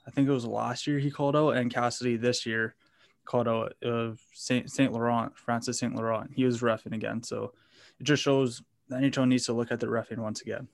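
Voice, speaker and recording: A man's voice: medium pitch, little pitch movement, fairly quick, gravelly. A man in casual sports talk who speaks in a level, unvaried tone. He lays out his points plainly and conversationally.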